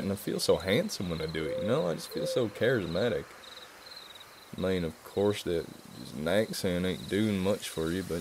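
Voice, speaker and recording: A man's voice: lowish voice, background noise, lightly acted. A man putting on a put-on American Southern good-old-boy voice while chatting playfully with viewers on a live stream. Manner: playful, self-mocking, chatty. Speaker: livestream host. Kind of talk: casual live-stream chat.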